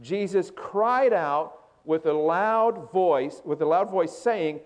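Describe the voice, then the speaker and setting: A man preaching a sermon as a pastor. He questions the congregation and moves between loud emphasis and hushed storytelling. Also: high voice, lively intonation, slow.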